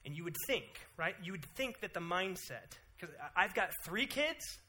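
A man in his thirties preaching a sermon in a church, animated, rising loud for emphasis and dropping quiet to pray. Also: normal speed, slight background noise. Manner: animated, rises loud and high for emphasis, then drops to quiet prayer. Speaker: pastor. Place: church sanctuary.

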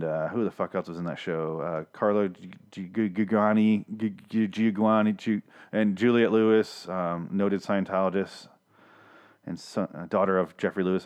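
In a casual solo rant, a man with a deep, slightly mellow voice recaps a TV show with profanity and sarcasm. As a reviewer, he rambles and often restarts.

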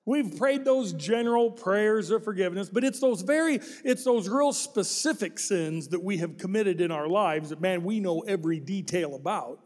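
A man's voice: high-pitched, animated, normal speed, a little mellow, in a large hall. A middle-aged male pastor preaching a sermon with a folksy, joking manner and asides to the congregation.

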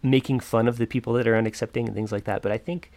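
A young man telling a personal story in a reflective, halting way, with many pauses and fillers. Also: medium pitch, steady tone, a little mellow, dry recording. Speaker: podcaster.

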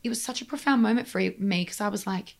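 Earnest and conversational, a woman with a mid-range voice answers interview questions, growing emphatic and faster as she hammers home her points.

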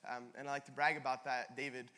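A man's voice: medium pitch, little pitch movement, fast talker, sharp tone. A young man from Canada preaching a sermon as a pastor, telling stories in a chatty, self-deprecating way. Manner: conversational storytelling with self-deprecating asides. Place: large church hall. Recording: long hall reverb.

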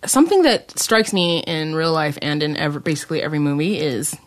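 A woman's voice: deep voice, expressive, fairly quick. A woman talking frankly and laughing as a guest in a casual podcast chat.

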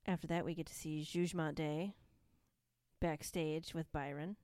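A woman's voice: fairly low pitch, steady tone, moderate pace, creaky, clear, resonant tone, no echo, studio quality. A woman co-hosting a podcast, chatting casually and enthusiastically about wrestling with lots of fillers. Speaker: podcast co-host. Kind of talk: casual chat recapping wrestling.

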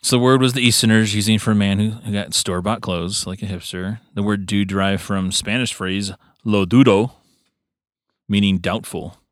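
A man's voice: lowish voice, steady tone, normal speed, no room sound. A man co-hosting a casual podcast chat in a studio, blunt and jokey, laughing a lot. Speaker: podcast co-host.

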